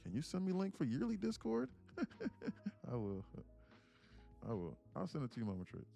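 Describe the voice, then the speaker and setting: A man hosts a live trading stream in a lively voice that leaps up and down in pitch. He talks in slangy street style, preaching and firing rhetorical questions at his viewers. Faint music runs behind him. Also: normal speed, gravelly. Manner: slangy, casual street talk. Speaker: day trading livestream host.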